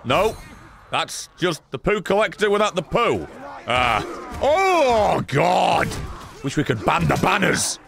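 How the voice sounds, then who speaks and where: A man giving live gameplay commentary, excitable, swearing and bursting into laughter. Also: high voice, slow, vocal fry, slight background noise. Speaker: gaming streamer.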